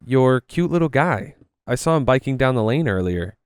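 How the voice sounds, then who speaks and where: A man's voice: medium pitch, animated, normal speed, clear, resonant tone, no echo, studio quality, lightly acted. A man voicing a chatty, sweetly confused older woman neighbor who talks in a chirpy, insistent way.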